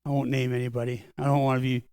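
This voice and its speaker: A man's voice: medium pitch, level tone, a little mellow, clean tone, no room sound. Older man pastor, dry close sound. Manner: earnest, conversational, slows for solemn lines. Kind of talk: sermon storytelling. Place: church sanctuary.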